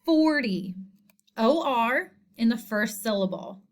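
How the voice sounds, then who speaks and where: A woman teacher giving a spelling lesson, speaking slowly and deliberately and repeating each word. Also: on the high side, animated. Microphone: screen recording voice-over.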